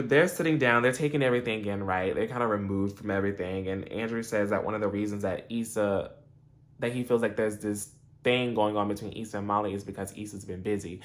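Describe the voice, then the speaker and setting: Young male reviewer, lower voice, chatty recap with quick impressions of characters. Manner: animated, laughing, acts out characters' lines. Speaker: TV episode reviewer. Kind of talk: casual recap commentary.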